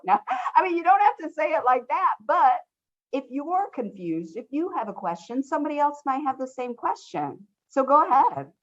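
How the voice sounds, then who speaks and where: A woman's voice: on the high side, very animated, a little fast. A woman instructor leading an online study workshop, upbeat and encouraging, often saying how much she loves her students' questions. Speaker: college instructor. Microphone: video call. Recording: dull lo-fi video call audio.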